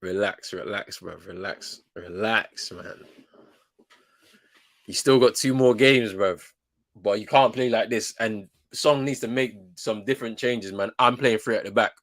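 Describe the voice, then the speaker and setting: A man's voice: mid-range voice, moderate pace. A young man reacting to a football match live as a watchalong host, slangy and exasperated, often breaking into laughter.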